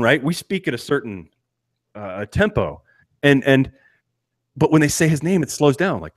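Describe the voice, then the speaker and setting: A man's voice: medium pitch, expressive, a little fast, no room sound, clean studio sound. Ranting middle-aged man on a podcast. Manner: ranting, exasperated, with many restarts. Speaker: podcast co-host. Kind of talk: casual sports chat.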